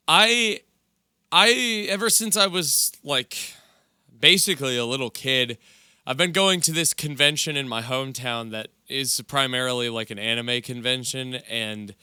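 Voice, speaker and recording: An earnest man, a voice actor, talks casually through an interview with a halting delivery. His voice is bright, smooth and clear, recorded close and dry. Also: medium pitch, no echo.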